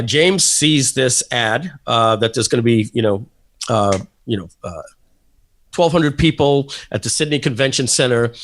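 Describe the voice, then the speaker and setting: A man telling stories as a podcast guest, lively, and acting out the people in them. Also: medium pitch. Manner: animated storyteller, acting out voices. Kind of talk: casual storytelling interview.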